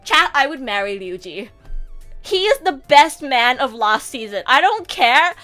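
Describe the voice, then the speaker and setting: A woman streamer chatting casually and excitedly, with lots of fillers and swings into near-tearful gushing. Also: high voice, measured pace, soft background music. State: emotional, near tears at times. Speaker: VTuber streamer. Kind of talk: casual livestream chat.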